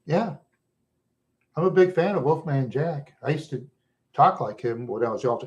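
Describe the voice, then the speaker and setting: Rough-voiced man rambling with chuckles. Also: fairly high pitch, animated, normal speed, pauses often, darkish tone. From Minnesota. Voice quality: rough voice worn down by smoking. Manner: chuckles often between loose, rambling stories. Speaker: livestream host chatting with viewers. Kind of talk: casual rambling chat.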